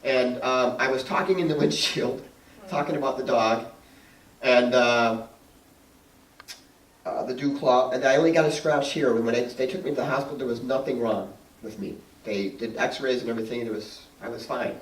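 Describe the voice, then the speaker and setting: A man's voice: mid-range voice, normal speed. A middle-aged man giving a talk to an audience, telling personal stories in a chatty way, laughing often and acting out what people said. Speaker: guest speaker and painter. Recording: roomy sound from a distant mic.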